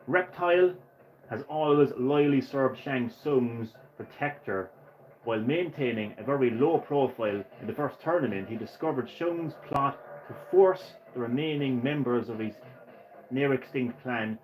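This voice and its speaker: A young man hosting a gaming livestream, giving live play-by-play commentary full of profane trash-talk and excitable jokes. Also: mid-range voice, lo-fi sound. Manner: brash, profane trash-talk aimed at the game; excitable, jokey, sometimes rushes his words.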